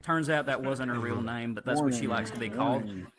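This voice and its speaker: A man's voice: medium pitch, brisk, crowd noise, poor audio. A man, telling crude, profane stories as a stand-up comedian on a livestream.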